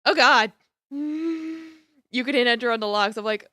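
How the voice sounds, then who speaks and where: A woman's voice: on the high side, unhurried, pushed and bright, dry recording, clean studio sound. A young woman streaming a game, chatting casually and thinking aloud in a bemused way. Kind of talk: casual gameplay commentary.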